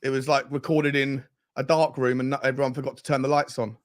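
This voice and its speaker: A man hosting a fan show livestream, reading out viewer super chats with excitable, slangy banter. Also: medium pitch, fast talker.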